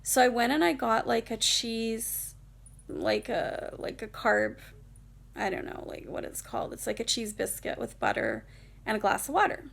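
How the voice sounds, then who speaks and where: Young woman, casual storytime vlogger, rambling with fillers, gravelly fry in the voice. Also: on the high side, lively intonation, normal speed, a bit bright. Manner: rambling, lots of fillers like "like" and "you know". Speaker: vlogger telling a personal story.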